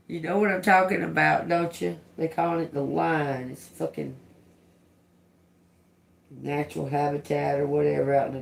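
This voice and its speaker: Brief: male livestream psychic, gravelly, very slow, halting word-by-word delivery. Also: on the high side. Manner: slow, halting, repeating single words aloud. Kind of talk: live spirit-box and card reading.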